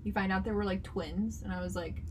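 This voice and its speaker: A woman's voice: mid-range voice, steady tone, a little fast, crowd noise. Woman, young adult, podcast co-host, casual, playful, mock-serious. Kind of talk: casual chat.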